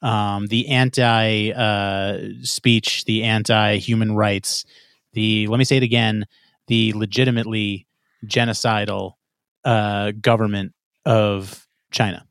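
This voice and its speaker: A man's voice: lowish voice, little pitch movement, slow pace, a bit bright, clean tone, no echo, clean studio sound. A man co-hosting a podcast, speaking bluntly and emphatically with swearing. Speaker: podcast co-host. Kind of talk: casual opinion chat.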